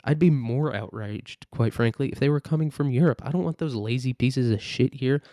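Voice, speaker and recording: A man rants alone on his podcast in a loose, rambling, sarcastic way, swearing freely. His voice is mellow and dark. It sounds dry and close, with no room echo. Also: mid-range voice, moderate pace. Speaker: podcast host. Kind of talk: casual solo rant.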